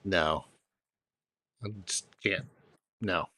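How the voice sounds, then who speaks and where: Man, american accent, slow relaxed delivery, dry humor, podcast co-host, dry sound. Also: low voice, no echo. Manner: laid-back, dry humor. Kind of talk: casual chat.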